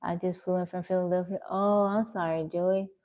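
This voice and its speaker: A woman's voice: on the low side, little pitch movement, moderate pace, dull audio. A woman livestreaming from her home, chatting casually and answering viewer comments one by one. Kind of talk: casual live-stream chat reading comments.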